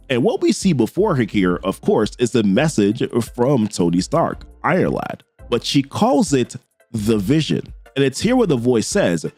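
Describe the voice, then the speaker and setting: A man casually retelling a comic book story, reading characters' quotes with his own asides. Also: medium pitch. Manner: animated retelling, reads quotes with little asides. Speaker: comic book recap narrator.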